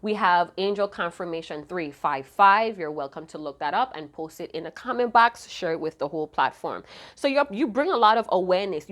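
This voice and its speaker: A slightly hoarse woman with a somewhat low voice reads tarot cards for her viewers. She talks in a loose, chatty way, full of slang and the odd curse, and hums along to songs she hears in her head. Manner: chatty, slangy and profane, hums song snippets. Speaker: tarot card reader. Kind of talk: casual tarot reading to viewers.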